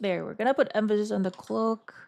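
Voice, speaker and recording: A woman streamer with a medium-pitched, creaky, slightly mellow voice talks casually to her live chat. Her speech is halting as she thinks aloud, with words often repeated.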